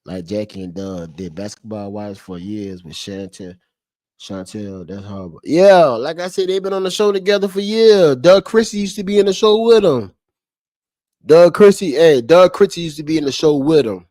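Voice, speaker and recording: In unscripted stream commentary, a man with a fairly high yet dark-toned voice rants heatedly and profanely at his chat, restating each point over and over. He speaks at a moderate pace, recorded with studio quality and no room sound.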